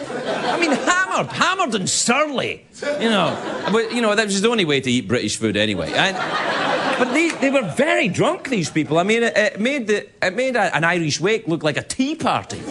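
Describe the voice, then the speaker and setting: A man doing live stand-up comedy with animated, punchy delivery and repeated punchlines. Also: high-pitched, fairly quick. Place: comedy venue with a laughing audience. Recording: live show with loud crowd and noise.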